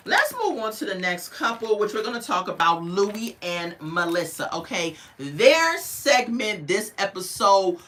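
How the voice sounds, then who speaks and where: Animated woman with bright, lively delivery. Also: mid-range voice. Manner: animated, talks to viewers as "y'all" and "baby"; mimics the people she discusses in quick quoted voices. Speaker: reality show reviewer. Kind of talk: casual commentary.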